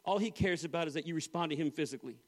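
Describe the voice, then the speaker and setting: High-voiced man preaching a story sermon. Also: very fast. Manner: storytelling with humor, acting out quoted voices. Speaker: pastor.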